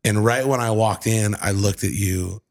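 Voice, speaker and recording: Casual man with a low voice, saying "dude" a lot. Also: normal speed, a little mellow. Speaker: husband telling a family story. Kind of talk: emotional personal storytelling.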